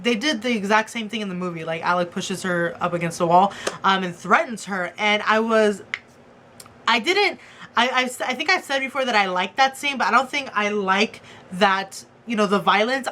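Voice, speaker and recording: A young woman chatting casually as she reviews a TV episode, excitable and gushing, with lots of "um" and "like". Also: mid-range voice, a little hiss or hum. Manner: excitable, gushing, many fillers like "um" and "like".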